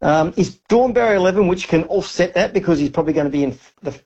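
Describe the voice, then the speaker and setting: A man's voice: high voice, animated, quick pace, darkish tone, breathy edge, highs cut off. An Australian man giving racing tips on a radio show, talking enthusiastically with lots of fillers. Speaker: racing tipster on the phone. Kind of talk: casual radio chat.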